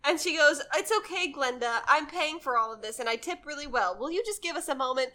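A woman's voice: high voice, lively intonation, a little fast, pushed and bright. A woman co-hosting a casual book podcast, recapping the plot with quoted asides. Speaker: podcast co-host. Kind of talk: casual book-club chat.

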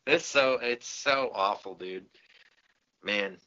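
A man's voice: lowish voice, slow, bright, forceful tone, highs cut off. A man on a podcast, venting in a casual, profane, exasperated way. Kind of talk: casual chat.

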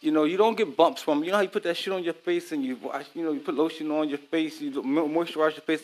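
A man's voice: fairly high pitch, fast, hardly any pauses, a little mellow. Married man, loose profane cooking-vlog chat aimed at the camera. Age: adult, married. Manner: loose, profane, talks straight to viewers. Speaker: vlogger. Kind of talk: casual chat while cooking.

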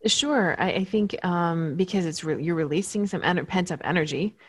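A woman therapist calmly explaining coping techniques in casual conversation, talking with many fillers and restarts. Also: fairly low pitch, moderate pace, breathy edge, no echo. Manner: calm, explanatory, with frequent fillers.

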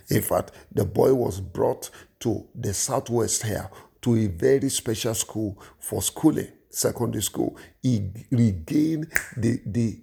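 Fervent preacher, gravelly husky voice. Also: male voice, medium pitch, dark tone. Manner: fervent, repeats phrases and restarts. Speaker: pastor. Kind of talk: sermon with prayer.

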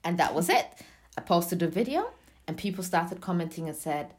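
Animated young woman telling a story. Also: fairly low pitch, brisk. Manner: animated, laughs often, acts out quotes. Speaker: interview guest. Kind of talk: casual storytelling in conversation.

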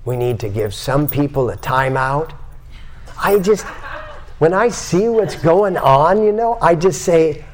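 Slow, deliberate male lecturer. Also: on the high side, lively intonation. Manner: slow and deliberate, asks the audience many rhetorical questions. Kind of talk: spiritual lecture to a live audience.

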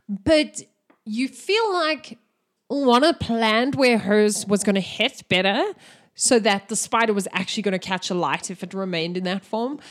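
A woman runs a tabletop game as game master. She tells the story in an animated, giggly way, in a fairly high voice.

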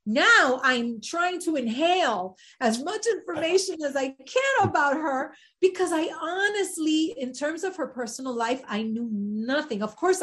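A woman, an actress and singer, telling a lively anecdote as a podcast guest. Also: sits high. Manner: lively, acts out quoted voices.

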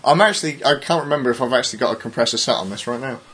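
A man's voice: mid-range voice, racing, fairly bright tone, a little hiss or hum. A man co-hosting a podcast, sarcastic and mocking, with casual swearing. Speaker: podcast co-host. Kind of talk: casual chat.

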